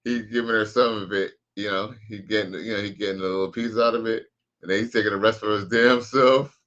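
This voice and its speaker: A man's voice: on the low side, steady tone, fairly quick, fairly bright tone, highs cut off. A man casually commenting on a live stream, slangy and profane, reacting to clips and reading out chat. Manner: laid-back, slangy, profane, reads out chat messages.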